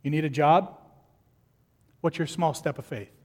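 A man preaching a sermon as pastor, lively and animated, acting out the people in his stories. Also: fairly high pitch, unhurried, big-room sound.

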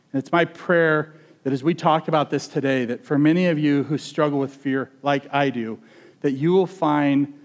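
A male pastor preaching a sermon in a conversational way, often asking his listeners questions. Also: high-pitched. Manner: conversational, asks the congregation questions.

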